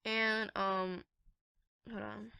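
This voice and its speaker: A woman's voice: mid-range voice, flat delivery, drawn-out words, gravelly, sharp tone, clear, resonant tone. A teenage girl chatting casually in a vlog, telling an angry storytime while swearing freely. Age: teens. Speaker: gaming vlogger.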